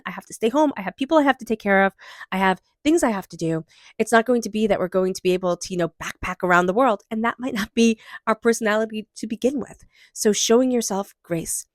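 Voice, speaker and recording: Gentle soft-spoken woman, tarot reader. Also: medium pitch, no echo, studio quality. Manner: soft, gentle, drifts into whispers. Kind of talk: intuitive tarot reading with guided meditation.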